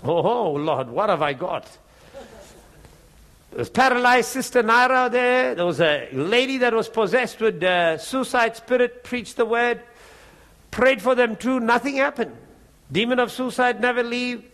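Male preacher telling a testimony, high bright voice, laughs a lot while he tells it, acts out the voices. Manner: animated, laughs often while telling the story; acts out the voices and prayers in his story. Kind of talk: sermon testimony storytelling.

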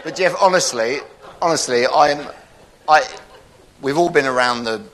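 A man's voice: mid-range voice, normal speed, a bit bright, a little hiss or hum. A man, a pastor giving a jokey, rambling sermon in church.

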